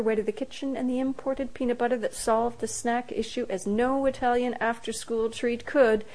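A woman reading her own story aloud in a wry, animated way, jumping into the characters' voices. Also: fairly high pitch, normal speed, hardly any pauses, poor audio. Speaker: narrator.

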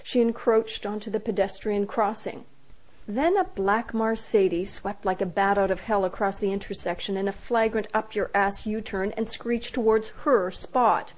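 A woman reading her own story aloud in a wry, animated way, jumping into the characters' voices. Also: mid-range voice, normal speed, low-quality recording. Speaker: narrator.

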